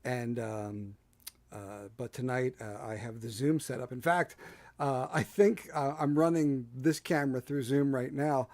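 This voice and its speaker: Speaking at a measured pace with a steady tone, this host's mid-range voice is slightly mellow and recorded dry on a desk mic. He's a Delaware County Philly guy running a solo porch livestream, rambling, joking at his own expense and filling gaps with fillers.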